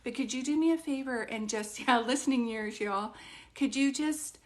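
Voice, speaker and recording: A woman's voice: high voice, moderate pace. Chatty woman psychic medium on a live stream. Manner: chatty and rambling, talking straight to viewers. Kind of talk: casual live-stream chat with viewers.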